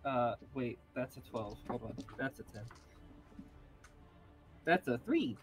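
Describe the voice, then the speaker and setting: A man's voice: mid-range voice, animated, slow pace, faint music behind. A man playing a tabletop game, offhand and joking as he talks about his character. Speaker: player. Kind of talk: casual play at a tabletop game.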